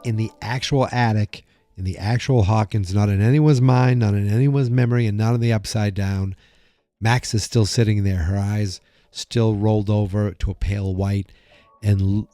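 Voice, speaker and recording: A man's voice: on the low side, moderate pace, mellow, no echo. A man hosting a podcast, recapping an episode in a casual, chatty way with fillers and restarts, sometimes acting out quoted lines. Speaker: podcast host.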